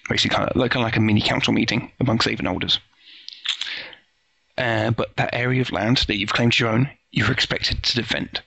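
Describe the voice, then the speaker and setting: A man's voice: medium pitch, fairly even intonation, a little fast, vocal fry, sharp tone, husky, dry recording. A man acting as game master over a voice call, explaining the setting at length with many fillers and restarts. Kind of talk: casual tabletop game narration. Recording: lo-fi voice call audio.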